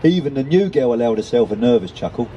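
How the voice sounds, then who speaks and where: A man's voice: medium pitch, lively intonation, fast talker, warm tone, dull audio, a little hiss or hum. A man reading a children's story aloud, with chatty self-deprecating asides to the listeners. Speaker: reader.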